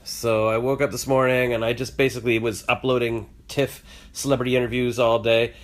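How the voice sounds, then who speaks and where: Sounding stuffy and nasal with a cold, a male vlogger tells his phone camera a rambling story that pokes fun at himself, voicing the other people's lines as he goes. His medium-pitched delivery is flat and a little fast.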